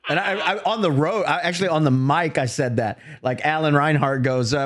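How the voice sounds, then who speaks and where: A man's voice: fairly high pitch, moderate pace. A man joking around as a comedian guest on a casual podcast. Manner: joking, expressive. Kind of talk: casual chat.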